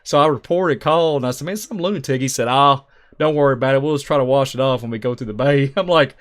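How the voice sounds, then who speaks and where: Animated storytelling man, middle pitch. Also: fast. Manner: emphatic, rambling, acts out the voices in his stories. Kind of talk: animated storytelling on a talk show.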